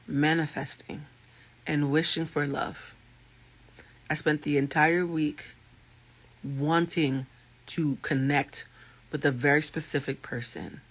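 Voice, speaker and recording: Raspy, bright-voiced man on a livestream. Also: a little high, slow, long pauses. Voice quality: thick, raspy voice. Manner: animated storyteller, swears freely. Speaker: life coach and tarot reader. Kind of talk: casual livestream talk to viewers.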